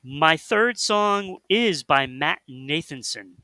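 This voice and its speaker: Bright, chatty male radio co-host. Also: a little high, slow, no echo. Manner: rambling, animated, many fillers and restarts. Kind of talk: casual radio chat about music.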